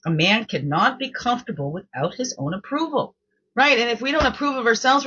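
A woman's voice: fairly low pitch, fairly bright tone, slightly rough, lo-fi sound. A woman hosting her own daily reflection show, reading quotes and chatting casually, often repeating words and asking "right?".

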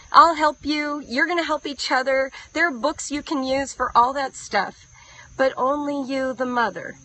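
A woman's voice: high-pitched, sharp tone, poor audio. A woman in her fifties giving an earnest, emotional live-streamed talk to homeschooling parents, repeating her key lines for emphasis. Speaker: homeschool writing coach. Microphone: phone close up.

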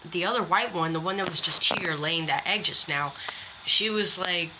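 A woman's voice: on the low side, normal speed, background noise. A woman keeper of backyard chickens, talking casually about her hens while filming on a phone, with many restarts and fillers. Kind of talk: casual phone vlog narration. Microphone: phone camera.

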